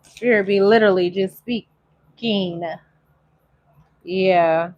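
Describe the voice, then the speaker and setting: A woman's voice: medium pitch, dull audio, a little hiss or hum. A woman tarot reader, giving a casual, emotional spiritual reading to viewers and stretching some phrases out in a sing-song way. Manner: chatty, emotional, drawn-out sung phrases.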